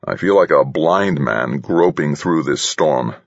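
A man narrating a novel voices a weary, grumbling forecaster with a very deep, husky growl. The read sounds dry and slightly muffled. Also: expressive, unhurried, dry recording, heavily acted. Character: gruff, weary male meteorologist, middle-aged.

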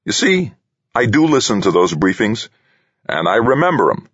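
A man reading an audiobook plays a bold, stubborn president whose voice jumps up high and hard when he insists. The recording is dry and a little dull. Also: big pitch swings, moderate pace, fairly bright tone, slightly rough, no room sound, exaggerated voice. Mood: firm. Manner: emphatic, firm, raised voice. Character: bold, stubborn male president, middle-aged.

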